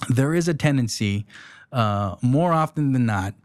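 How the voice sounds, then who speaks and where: A man's voice: medium pitch, lively intonation, measured pace, no room sound. Chatty man in his thirties, dry sound. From United Arab Emirates. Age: 30s. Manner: rambling, self-correcting, chuckling explanations. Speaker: podcast host. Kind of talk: casual solo podcast chat.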